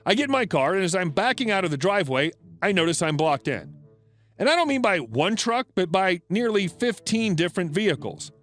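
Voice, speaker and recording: High-voiced man narrating a story. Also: sing-song, brisk, a bit bright, faint music behind.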